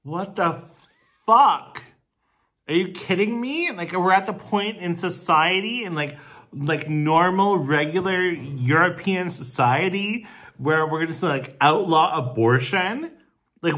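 A man's voice: sits high, expressive, sharp tone. A man in character as a supportive friend in a comedy sketch, gushing and emphatic, coaxing sympathetically, then swearing in indignant bursts. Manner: gushing, emphatic and profane, with drawn-out stressed phrases. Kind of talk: comedic sketch monologue to the camera. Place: home, where he lives in the city.

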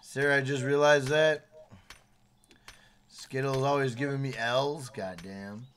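A man streaming a survival game with his wife, swearing freely, shouting hype catchphrases and reading out viewers' names from the chat. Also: mid-range voice, fairly even intonation, unhurried, a little hiss or hum. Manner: reads out chat names and thanks members. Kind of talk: casual livestream gaming chat.

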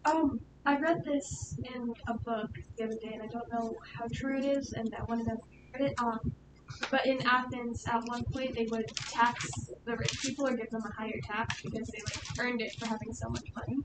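A woman's voice: a little high, fairly even intonation, moderate pace. A female student asking a hesitant question in class, with fillers. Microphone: distant room mic. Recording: echoey classroom from far off with noise.

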